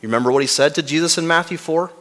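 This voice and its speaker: Pastor delivering a sermon, dramatic, voice falling to a near hush, fairly high-pitched man. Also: racing. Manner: dramatic, swinging from loud to hushed; rhetorical questions to the congregation.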